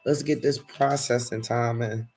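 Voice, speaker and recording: Gravelly-voiced Philly man reading tarot. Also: medium pitch, fairly even intonation, a little slow, music in the background. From Philadelphia. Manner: chatty, reads affirmation cards aloud and talks to viewers in the chat. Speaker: tarot reader. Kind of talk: casual live-stream tarot reading.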